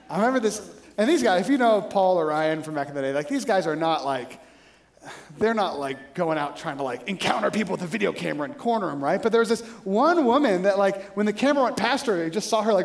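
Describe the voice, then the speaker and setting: A man's voice: high voice, a little fast. A male pastor preaching a sermon in a conversational way, telling stories and often asking "right?". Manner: conversational, animated storytelling with frequent "right?".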